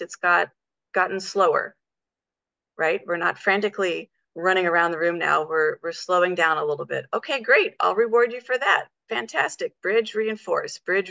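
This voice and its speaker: This is a woman trainer talking on a podcast, with a bright, edgy tone sitting a little low in pitch. She explains things eagerly and acts out what she would say in each step. The sound is close-miked and dry. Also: dry recording, dull audio. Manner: animated, explains by talking through examples. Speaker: animal trainer guest.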